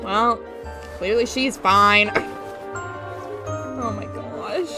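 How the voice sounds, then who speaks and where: A woman's voice: fairly high pitch, very animated, very slow, over music. A young woman streaming a video game, who reacts emotionally, laughing and tearing up as she plays. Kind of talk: live gameplay reaction stream.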